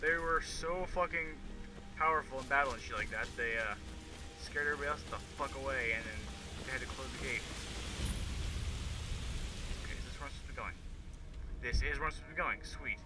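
A man's voice: mid-range voice, a little fast, pauses often, over music, low-quality recording. A man giving casual, profane, rambling commentary while playing a video game. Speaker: let's play gamer.

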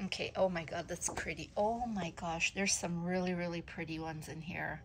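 A woman vlogger showing her collection of jewelry books in a casual show-and-tell, talking softly and admiringly and stumbling when she reads aloud. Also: on the low side, fairly even intonation, noisy background. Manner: slow, soft-spoken, admiring, stumbles when reading aloud.

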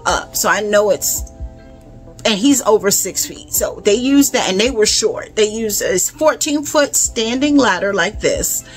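Animated woman telling a story. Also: medium pitch, unhurried, soft background music. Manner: animated, exasperated storytelling with asides to viewers. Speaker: home vlogger. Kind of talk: casual storytime.

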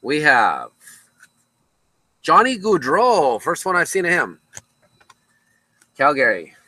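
Man, casual card break host, chatty, very bright tone. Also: on the high side, huge pitch swings, slow pace, dry recording, low-quality recording. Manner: casual, chatty, talks to viewers by name. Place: card shop.

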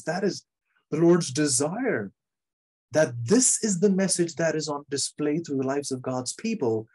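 A man preaching a sermon in an earnest, emphatic way, repeating phrases and letting key lines fall soft and low. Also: husky.

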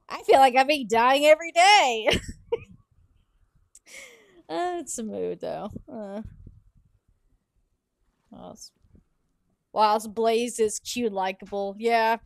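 High-voiced giggly woman streamer. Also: takes it slowly, pauses often, no echo. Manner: giggly, chatty, yawning between sentences. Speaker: streamer and game host. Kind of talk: casual livestream chat while playing.

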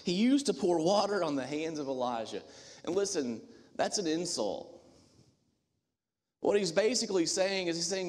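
Young-sounding guy preaching in a church, high voice, long echo off the walls. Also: expressive, darkish tone. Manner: earnest and emphatic, with dramatic pauses. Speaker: minister. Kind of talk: sermon. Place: church sanctuary. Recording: long hall reverb.

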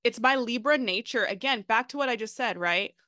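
A woman guest on a podcast, talking in an animated, emphatic way with lots of casual asides. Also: fairly high pitch, brisk, dry recording, studio quality. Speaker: podcast guest, marketing consultant.

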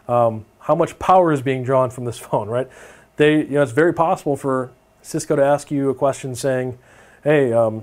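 A young man teaching a networking course in a relaxed, conversational way, often checking in with his listeners. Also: mid-range voice. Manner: casual, filler-heavy, keeps checking in with okay. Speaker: networking instructor. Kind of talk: technical lecture over screen demo.

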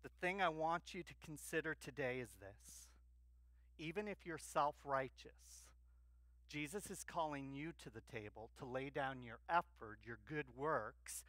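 A man's voice: mid-range voice, a bit bright, no room sound. A male pastor preaching a sermon in a church, emphatic, asking the congregation questions and answering them himself.

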